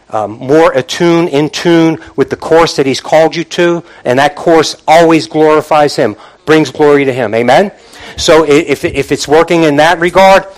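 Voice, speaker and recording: An older man, a pastor, preaching a sermon to his congregation, moving from quiet reflection to fervent exhortation and calling out to the room. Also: fairly high pitch. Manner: builds from quiet musing to impassioned preaching; calls out "Amen?" and "come on" to the congregation.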